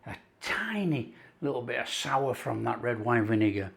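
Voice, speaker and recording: A middle-aged man with a Yorkshire accent hosting a casual cooking video, enthusiastic and unhurried, praising the food as he goes. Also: mid-range voice, very animated, vocal fry, a bit bright. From Yorkshire, England. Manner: enthusiastic, unhurried, calls things superb. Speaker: cooking channel host.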